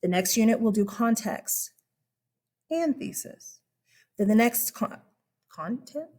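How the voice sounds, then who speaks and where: A woman's voice: on the high side, fairly even intonation, unhurried, darkish tone. A woman history teacher giving casual online class instructions in a chatty, upbeat way, laughing now and then and using many fillers. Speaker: high school history teacher.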